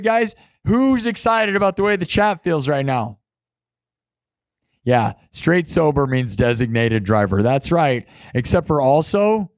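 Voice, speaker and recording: A man's voice: a little high, dry recording, clean studio sound. A man hosting a live stream, chatting in a rambling, jokey way and talking straight to his chat. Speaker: live-stream host and musician.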